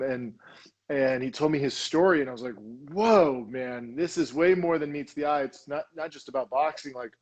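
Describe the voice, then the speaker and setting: A young adult man from Los Angeles, telling stories as a guest and acting out quoted lines. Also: fairly high pitch. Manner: animated storyteller, acts out quoted lines. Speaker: guest, documentary filmmaker. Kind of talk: casual interview.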